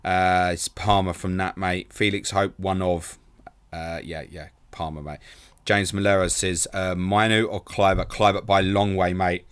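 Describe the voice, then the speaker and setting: A man's voice: low-pitched, level tone, a bit bright, clear, resonant tone, no echo. A man hosting a live fantasy football stream, reading out viewers' questions and answering casually, calling them mate. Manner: casual and quick, calls viewers mate, self-deprecating.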